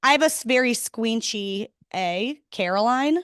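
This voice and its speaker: A woman in her thirties with a Washington DC accent, co-hosting a podcast in casual, animated chat, swearing freely and laughing often. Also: mid-range voice, fairly quick, no echo, studio quality. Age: 30s. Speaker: podcast co-host.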